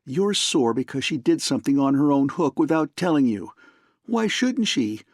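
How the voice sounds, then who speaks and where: A man's voice: mid-range voice, animated, normal speed, darkish tone, no echo, clean studio sound. A man reading an audiobook, voicing a worried, fiery young woman secretary in an impassioned, indignant manner.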